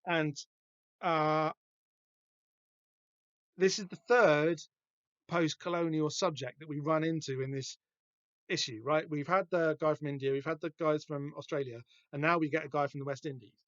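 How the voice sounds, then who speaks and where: A man's voice: on the high side, fairly even intonation, fairly bright tone, dry recording. Rambling man, dry lo-fi sound. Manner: rambling, halting, full of fillers and restarts. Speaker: podcast host. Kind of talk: casual comic book discussion. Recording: dull, dry lo-fi podcast recording.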